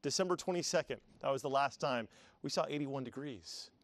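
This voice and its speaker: A man's voice: mid-range voice, a little fast. A man presenting a live TV weather forecast, chatty and upbeat, with asides to his colleagues. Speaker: TV meteorologist. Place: TV studio.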